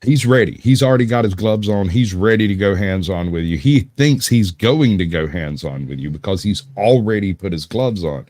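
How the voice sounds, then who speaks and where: A man's voice: on the low side, lively intonation, moderate pace, few pauses, a little mellow, no echo. A man telling dry, funny stories in a casual live-stream chat. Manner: drawling storyteller, dry humor.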